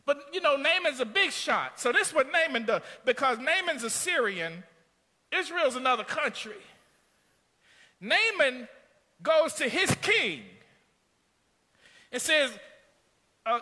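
A high-voiced male preacher with a very bright, piercing tone tells a story from the pulpit and climbs into shouts. His voice rings out with a long hall reverb in a church sanctuary. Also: very animated, unhurried, pauses often. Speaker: pastor. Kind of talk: sermon.

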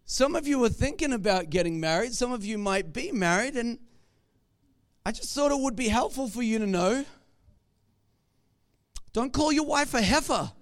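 High-voiced joking male preacher. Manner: conversational, joking storyteller. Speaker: pastor. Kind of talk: sermon.

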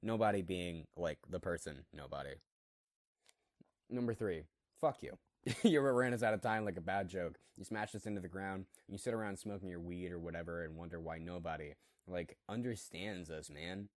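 A man's voice: low-pitched, normal speed, no room sound, lightly acted. A man reading aloud as a crude, preachy artist who rants at fellow artists, his throat dry and scratchy. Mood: ranting. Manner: crude, preachy, profane rant. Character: ranting male artist addressing fellow artists.

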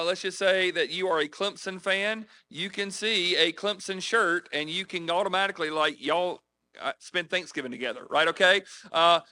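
Man, preacher, conversational storytelling, sharp, higher voice. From South Carolina. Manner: chatty, frequent "right? okay?" check-ins with listeners. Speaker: preacher teaching on evangelism. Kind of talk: conversational sermon with personal stories.

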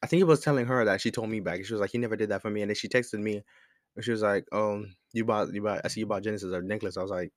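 Talking fast in a lowish voice, a young man hosting a podcast rambles candidly through a personal story, restarting often and using slang. The sound is studio quality with no echo, and his chair squeaks.

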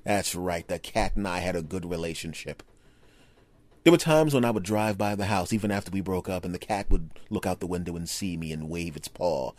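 A man hosting a podcast, telling rambling, absurd comic stories in a deadpan way while driving his car. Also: low voice, fairly quick, no room sound. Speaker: podcast host. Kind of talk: comedic storytelling monologue.

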